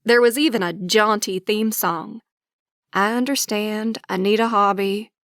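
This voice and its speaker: A woman narrating a romantic comedy audiobook in first person, with wry, lively storytelling. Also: medium pitch, a little slow, no room sound, clean studio sound.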